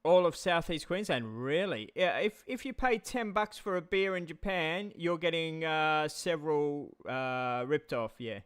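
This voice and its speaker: A man's voice: on the high side, unhurried, hardly any pauses, a bit bright, smooth. A man rambling casually on a live stream, repeating himself and talking straight to his chat.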